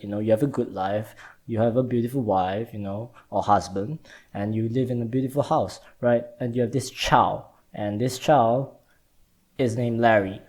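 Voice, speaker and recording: Rambling young man hosting a vlog. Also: fairly low pitch. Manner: animated, rambling, repeats words. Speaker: vlog host. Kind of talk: casual explanatory vlog talk.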